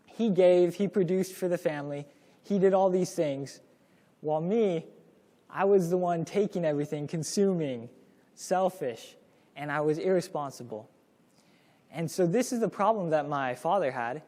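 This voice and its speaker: A young man presents a parenting lesson to a class, telling it casually like a story and acting out the lines he quotes. His voice is high and warm, trailed by a long reverb tail.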